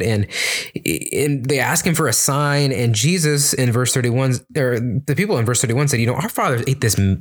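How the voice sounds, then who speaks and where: A young man giving a casual, chatty Bible lesson, informal and full of fillers and restarts. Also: medium pitch. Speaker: Bible teacher.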